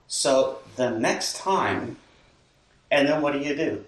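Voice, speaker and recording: A man who leads a church, chatting loosely and voicing the grumbles people say to themselves, with laughs along the way. His voice sits at a middle pitch and comes from a distance in a roomy space. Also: slow. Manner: lively, acts out quoted inner talk, laughs often. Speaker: lead pastor. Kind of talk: casual chat. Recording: roomy sound from a distant mic.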